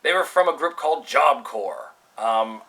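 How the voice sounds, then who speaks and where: Bright-voiced man telling a story. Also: medium pitch, a little slow, low-quality recording. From California, USA. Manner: animated, swears freely, acts out quoted voices. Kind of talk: casual spoken storytelling.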